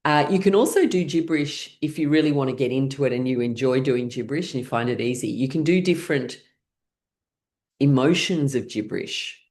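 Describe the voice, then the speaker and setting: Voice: mid-range voice, fairly quick, a little mellow. A middle-aged laughter class instructor leading an online group session, playful and laughing often as they count and chant along. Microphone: video call.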